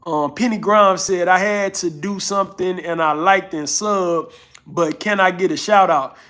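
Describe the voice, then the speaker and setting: A relaxed man in his thirties with a drawling northern Louisiana and Houston accent, hosting a casual live stream. His voice sits a little high for a man, and he talks in an easygoing way, reading comments aloud and thanking viewers as he goes. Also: a little slow. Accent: northern Louisiana and Houston Southern. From Houston, Texas. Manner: laid-back, drawling, thanks viewers often. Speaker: livestream host.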